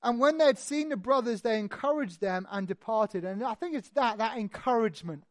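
A preacher works through a passage in an easy, conversational way, asking rhetorical questions and telling the story with animation. The voice sits at a middle pitch. The room is dry and close. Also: animated, fairly quick, dry recording. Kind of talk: expository sermon.

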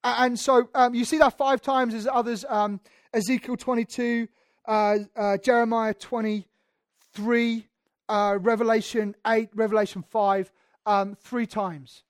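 A woman's voice: fairly high pitch, fairly even intonation, unhurried, no room sound. A woman preaching a conversational sermon, chatty and emphatic, with frequent ums and repeated words.

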